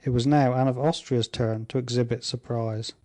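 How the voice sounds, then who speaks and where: Male audiobook narrator, measured steady delivery, warm and mellow tone. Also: medium pitch.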